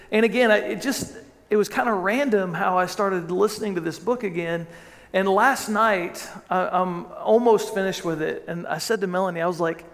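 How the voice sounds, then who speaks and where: A man's voice: sits high, gravelly, in a large hall. A male pastor preaching a sermon in a conversational storytelling way, often restarting his sentences.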